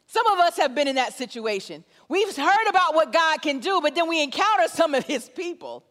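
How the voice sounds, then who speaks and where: A woman preaching a sermon in an animated, conversational way, repeating her points for emphasis. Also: sits high, fairly quick, few pauses. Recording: long hall reverb.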